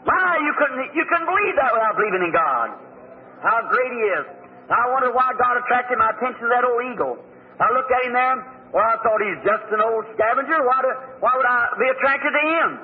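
Fervent high-voiced preacher. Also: male voice, animated, fairly quick. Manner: fervent storytelling, emotional and plain-spoken. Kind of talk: sermon. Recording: tinny, phone-like old recording.

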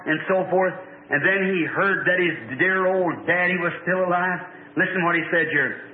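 A high-pitched man preaches a fervent revival sermon, telling a story and swelling into loud cries. The recording sounds like a thin, phone-like old tape. It carries a roomy church echo. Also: moderate pace, few pauses.

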